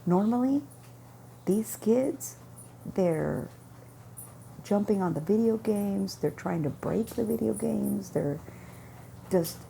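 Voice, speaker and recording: A woman's voice: mid-range voice, lively intonation, slow, vocal fry, long pauses, mellow, a little hiss or hum. A woman vlogger telling a casual story about her day, rambling, backtracking and correcting herself mid-sentence. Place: at home with her dog nearby.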